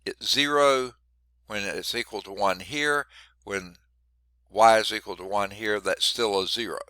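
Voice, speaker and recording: Male math instructor, congested and short of breath, bright edgy low voice, throat-clearing, wry asides. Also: a little slow, dry recording. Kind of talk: classroom lecture.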